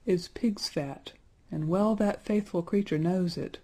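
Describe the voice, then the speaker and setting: A fond, sentimental old nurse from a storybook, put on by a woman reading aloud. She speaks in a gentle, homely way with a low, dark, husky voice. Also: measured pace.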